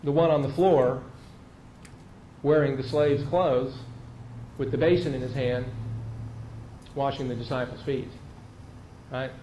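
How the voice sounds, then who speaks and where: A man's voice: mid-range voice, fairly even intonation, measured pace, pauses often, mellow. A man preaching a sermon in a conversational, storytelling way, with emphatic repeats and quoted lines. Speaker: pastor. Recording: echoey room with faint noise.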